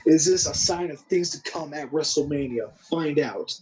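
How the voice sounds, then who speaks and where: A man's voice: a little high, moderate pace, a little mellow, slight background noise, low-quality recording. A young man giving a casual, rambling recap of a wrestling game, swearing often and restarting his sentences. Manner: rambling, profane, full of restarts and 'like'. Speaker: game commentator.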